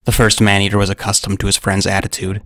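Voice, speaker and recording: A man telling a scripted story in narration, with a dry, deadpan humor. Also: fairly low pitch, fast talker, no echo.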